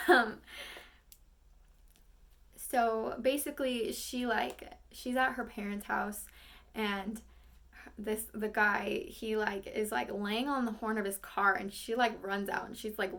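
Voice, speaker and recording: A woman's voice: medium pitch, unhurried, gravelly, fairly bright tone. A young woman, an acting student, thinking aloud between rehearsal takes, rambling and self-critical with lots of fillers.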